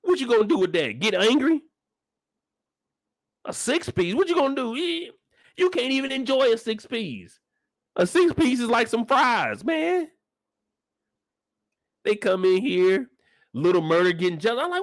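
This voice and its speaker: Lively high-voiced man reacting. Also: a little slow, long pauses, no echo, clean studio sound. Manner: loud, animated, joking, profane, breaks into laughter. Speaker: reaction video host. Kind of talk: reaction commentary.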